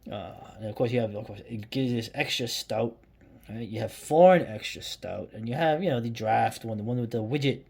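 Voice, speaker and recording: Husky American man, mid-pitch, casual rambling vlogger with hushed asides. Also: a little fast. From United States. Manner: rambling, self-interrupting, drops to a hushed near-whisper when admiring the beer. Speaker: beer vlogger. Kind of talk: casual talk to camera.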